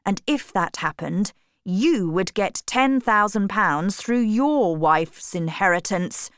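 A woman's voice: medium pitch, lively intonation, slow, clean tone, no room sound, clean studio sound. A woman reading an audiobook voices a desperate, hot-tempered baronet, a middle-aged man who speaks urgently and anxiously. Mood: angry urgent. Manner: agitated, raised, urgent.

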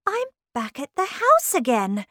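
A woman's voice: sits high, wildly swooping pitch, a little slow, sharp tone, no echo, studio quality, pitched above the performer's own voice, exaggerated voice. A woman doing a wide-eyed, curious little girl. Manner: eager, wide-eyed and polite. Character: curious, polite young girl. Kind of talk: storybook reading.

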